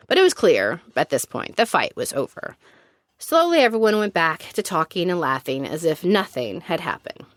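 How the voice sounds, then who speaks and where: A woman reading her own children's story aloud, narrating in an expressive storybook manner. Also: low voice, no room sound, studio quality.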